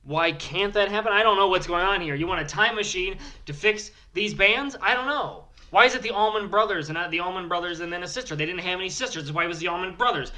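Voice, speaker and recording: Loud exasperated comic podcast host. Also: male voice, high voice, quick pace, few pauses. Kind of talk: comedic mock debate.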